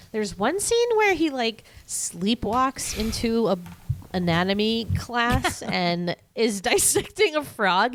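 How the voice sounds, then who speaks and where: A woman co-hosting a podcast, chatting casually and acting out film lines in a jumped-up voice, with many fillers and laughs. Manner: animated storytelling, acts out movie lines in a high voice. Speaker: podcast co-host. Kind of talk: casual chat.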